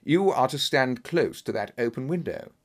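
A man voicing a calm, commanding male detective in an audiobook reading, precise and authoritative. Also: mid-range voice, moderate pace, close to an everyday voice.

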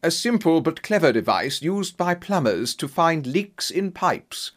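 A man narrating a story in a clear, expressive reading voice. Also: fairly high pitch, unhurried.

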